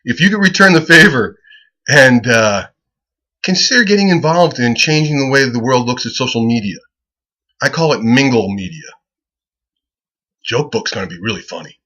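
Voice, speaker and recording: A comedian rambling casually as he pitches a website, profane and excitable, who keeps breaking into laughter at his own jokes. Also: normal speed, pauses often, low-quality recording. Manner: profane, excitable, loose storytelling.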